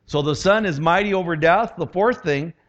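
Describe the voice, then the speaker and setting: A man preaching a sermon as a pastor, animated, acting out quotes and voices as he teaches. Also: sits high, normal speed, dull audio.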